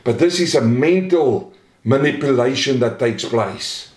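A man preaching a Bible study sermon as pastor, earnest, slowing down to stress the scripture he quotes. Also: mid-range voice, darkish tone. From Australia. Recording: echoey room.

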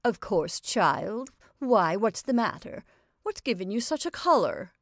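A woman's voice: medium pitch, big pitch swings, unhurried, dry recording, studio quality. A woman reading aloud, voicing a genteel middle-aged mother who talks in an airy, patronizing way.

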